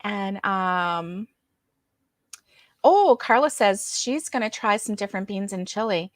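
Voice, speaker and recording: Woman host, slow easygoing chatter, reads viewer comments on a home livestream. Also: mid-range voice, expressive, dry recording, studio quality. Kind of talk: casual chat reading viewer comments.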